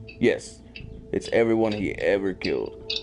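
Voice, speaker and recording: A man's voice: low voice, animated, a little slow, over music. A man hosting a podcast, casually retelling a comic-book story in a laid-back way, with fillers and the odd curse. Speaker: podcast host.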